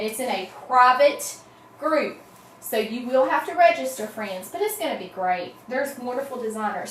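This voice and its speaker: Southern woman, middle-aged, bright-pitched, chatty livestream host in an echoey room with faint hum. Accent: Southern American. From Southern US, North Carolina. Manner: chatty, greets viewers by name, says y'all. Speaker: wreath-making livestream host. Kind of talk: casual livestream chat.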